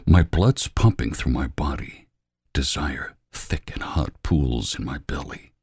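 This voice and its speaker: A man reading a romance novel aloud in a slow, hushed narration that often drops to a whisper. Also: a bass voice, husky, dry recording, clean studio sound. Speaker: audiobook reader. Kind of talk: scripted narration.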